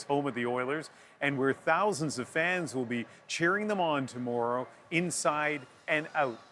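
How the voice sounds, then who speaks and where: A man anchoring a news broadcast live from an outdoor city plaza, speaking in a clear, measured way. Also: fairly high pitch, sharp tone, slight background noise. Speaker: news anchor reporting on location.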